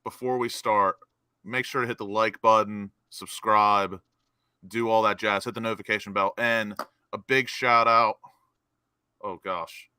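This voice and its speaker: A man's voice: fairly low pitch, fairly even intonation, a little slow, sharp tone, clean tone, no room sound, clean studio sound. A man from the United States co-hosting a casual chat, upbeat and jokey. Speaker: co-host.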